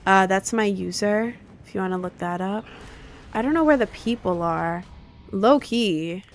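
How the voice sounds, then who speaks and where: A woman's voice: mid-range voice, unhurried, soft background music. A young woman chatting casually on a live stream while playing a game, rambling and answering her chat.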